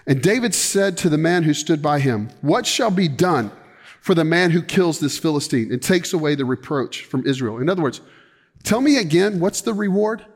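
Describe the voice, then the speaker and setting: A man with a fairly high voice preaches a sermon, telling a scripture story in an animated way. He acts out the quoted lines and slips into casual slang. His voice rings with a long reverb from a large hall. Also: normal speed. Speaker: pastor.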